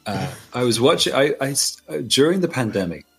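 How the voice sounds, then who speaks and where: A man's voice: medium pitch, big pitch swings, brisk, fairly bright tone. A man, rambling and laughing through a casual film commentary. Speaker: podcast guest. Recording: faint music behind.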